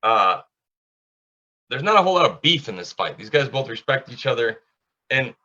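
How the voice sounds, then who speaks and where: Confident bright-voiced man picking fights. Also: mid-range voice. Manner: confident, opinionated predictions. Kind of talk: casual sports betting chat. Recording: dull lo-fi sound.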